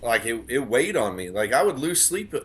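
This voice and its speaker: A man's voice: mid-range voice, big pitch swings, normal speed, slightly rough. A man as a podcast guest telling a story in casual conversation, earnest, repeating words for emphasis.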